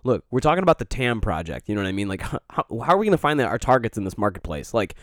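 A man's voice: lowish voice, big pitch swings, rapid-fire, no room sound, studio quality. A man hosting a casual comedy podcast, telling stories, laughing easily and acting out other people's lines.

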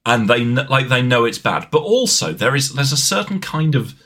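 A man co-hosts a podcast in relaxed, joking conversation. His voice is bright and forward, his pitch swings widely, and he wanders into asides and restarts. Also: normal speed. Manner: animated, playful, rambling with restarts and asides. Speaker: podcast co-host. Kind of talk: casual banter.

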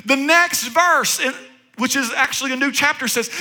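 A man's voice: very high-pitched, normal speed, bright, forceful tone. A man preaching a sermon, repeating phrases rhythmically, calling out to his listeners and joking with them. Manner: rhythmic repetition, call-and-response exclamations, joking asides. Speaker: pastor.

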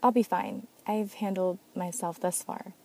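Kylan is a shy young barista who speaks softly and a little hesitantly, voiced by a woman reading the story. The voice is mellow and sits fairly low. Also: unhurried. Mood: guarded.

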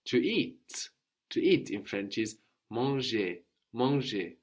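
A man's voice: medium pitch, big pitch swings, takes it slowly. A man teaching a French lesson, explaining patiently and repeating each phrase for his student. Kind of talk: language lesson.

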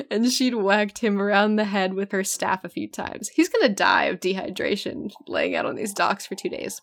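Giggly woman reading a story aloud. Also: mid-range voice. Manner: giggly, breaks off to joke about the text. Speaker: fan fiction reader.

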